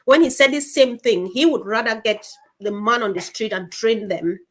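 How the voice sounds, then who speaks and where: A woman's voice: fairly high pitch, normal speed. A woman from West Africa speaking with enthusiasm and emphasis as co-host of an online panel discussion.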